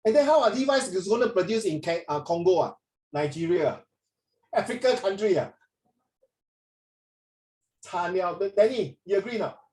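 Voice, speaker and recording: A man, teaching a classroom lesson in an animated way and mixing in Mandarin. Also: high voice, moderate pace, pauses often. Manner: animated, mixes in Mandarin, frequent "ah" tags. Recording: echoey classroom from a distance.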